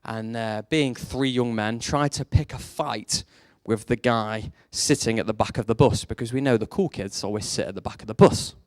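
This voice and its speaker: A man preaching a sermon, telling a story and leaning on rhetorical questions, his voice jumping up high for emphasis. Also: moderate pace, hardly any pauses, no echo, studio quality. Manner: storytelling, animated, rises sharply for emphasis.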